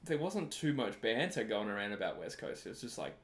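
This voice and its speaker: A man's voice: mid-range voice, lively intonation, fast. An Australian man hosting a live stream, chatting casually while watching a match, laughing often and answering viewers' comments. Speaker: livestream host.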